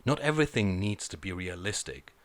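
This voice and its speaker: A man's voice: low-pitched, lively intonation, fairly quick. A man giving an opinionated film review, blunt and sarcastic, swearing freely.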